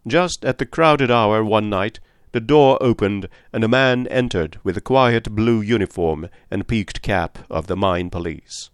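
Brief: male audiobook narrator, low voice, dry close recording. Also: clear, resonant tone, dry recording. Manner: steady, measured reading.

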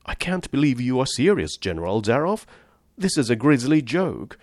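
A man voicing an earnest young hunter who protests in shock and indignation, pitched well above his own voice. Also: sing-song, normal speed, a little mellow, no echo, studio quality, natural voice. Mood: indignant.

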